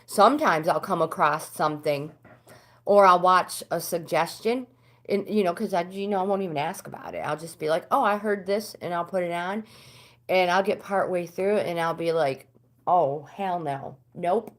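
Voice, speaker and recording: Middle-aged American woman, livestream host, low-pitched, casual chatter with viewers. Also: moderate pace. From United States. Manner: chatty, talks back to comments, pitch swings up when animated.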